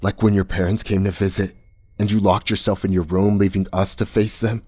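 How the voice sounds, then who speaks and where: A man's voice: sits low, flat delivery, unhurried, a little mellow, husky, no echo. A man voicing a frightened, bitter young man who speaks harshly and rawly. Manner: harsh and raw, hissing.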